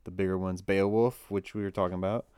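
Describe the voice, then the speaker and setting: A man hosting a casual podcast over a call, relaxed and laid-back. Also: low voice, quick pace, clean tone, no room sound, studio quality. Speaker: podcast host.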